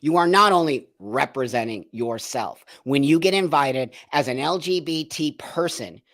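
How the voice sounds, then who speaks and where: A man's voice: a little high, animated, normal speed, a bit bright. A man hosting a live stream, talking to viewers and reading their comments in an emphatic, indignant way, repeating phrases for effect. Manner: indignant, ranting. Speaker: host of a live show.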